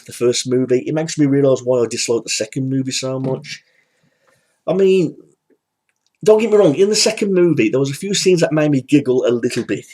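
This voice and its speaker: A man's voice: mid-range voice, darkish tone. A man giving a casual, rambling spoken film review, full of fillers and restarts. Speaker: movie reviewer.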